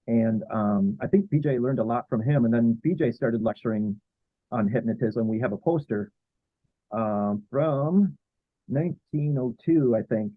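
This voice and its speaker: A man talking as a guest historian in a casual interview, halting with many fillers and restarts. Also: medium pitch, dry recording. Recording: tinny phone-like line.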